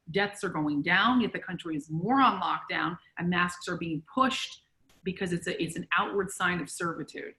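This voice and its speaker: A woman's voice: medium pitch, sharp tone, low-quality recording. Woman guest, outspoken and emphatic, mid-range voice. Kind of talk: casual conversation.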